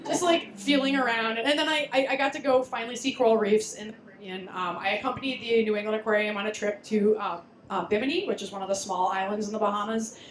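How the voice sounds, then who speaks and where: A woman's voice: mid-range voice, fast, hardly any pauses, a little hiss or hum. A woman in her thirties giving a casual live talk with slides, chatty and self-deprecating, laughing often and restarting her sentences. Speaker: speaker at a science talk night. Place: lecture venue with audience. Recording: echoey room, faint ambience.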